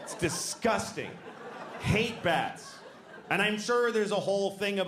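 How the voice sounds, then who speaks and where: A man's voice: high voice, measured pace, long pauses, crowd noise. A middle-aged man doing a live stand-up routine on stage, ranting profanely and exasperated, dropping into mumbled asides. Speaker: stand-up comedian. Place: comedy stage before a live audience. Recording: reverberant live venue with audience noise.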